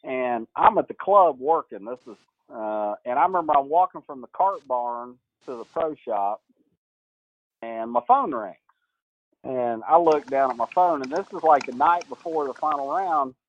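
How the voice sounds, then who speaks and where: Animated man telling golf stories. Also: medium pitch, normal speed, no echo, muffled recording. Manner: animated storyteller, acts out quotes, laughs often. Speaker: golf coach, guest. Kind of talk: storytelling in a podcast interview.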